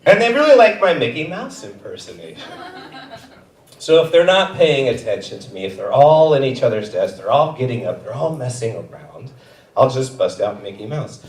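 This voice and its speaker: A man's voice: medium pitch, very animated, moderate pace. A young man doing stand-up comedy, telling stories animatedly and jumping into voices. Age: young adult. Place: comedy theater stage. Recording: roomy theater sound from a distant mic.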